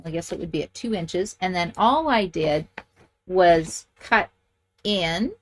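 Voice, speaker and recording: A woman's voice: lowish voice, lively intonation, slow pace. A middle-aged woman demonstrating card making, chatty and enthusiastic, thinking aloud as she works. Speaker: papercraft demonstrator. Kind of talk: casual crafting tutorial.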